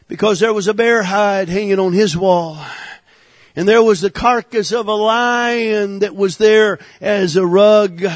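A man's voice: high voice, no room sound. A man in his forties preaching a sermon in church, exhorting fervently as he tells a story. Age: 40s.

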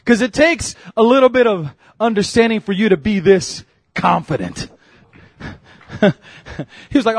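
A man preaching a sermon, swinging from quiet storytelling to loud shouted exhortation. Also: sits high, lively intonation, moderate pace, long pauses, dry recording, studio quality. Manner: preaching with rising shouts and laughs. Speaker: pastor.

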